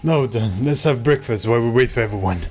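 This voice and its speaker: A man voicing a haughty young man who speaks slowly and with calm authority. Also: mid-range voice, soft background music, close to an everyday voice.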